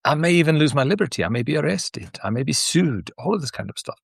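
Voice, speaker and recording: A man's voice: on the high side, big pitch swings, quick pace, gravelly, husky, dry recording. A middle-aged Scottish man, a teacher, thinking aloud in a rambling, reflective monologue with frequent restarts and asides. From Scotland. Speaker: teacher sharing personal reflections.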